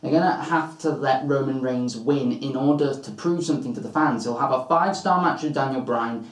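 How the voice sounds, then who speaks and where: A man's voice: medium pitch, a little fast, reverberant, low-quality recording. A man co-hosting a wrestling predictions show, debating earnestly with frequent ums and hedges. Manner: earnest, hedging with ums, talks over his partner. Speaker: co-host of a wrestling predictions channel. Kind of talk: casual debate.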